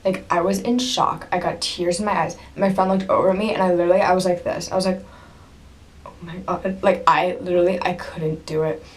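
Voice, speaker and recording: A woman's voice: on the low side, steady tone, fast, few pauses. A young woman vlogging to camera at home, gushing and breathless as she tells a story, with bursts of laughter and sudden drops to a whisper. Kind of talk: casual excited storytelling to camera.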